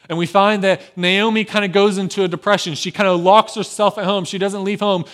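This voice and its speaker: A man preaching a sermon as pastor, dropping to a hushed, tender voice and then rising loud and urgent. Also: high-pitched.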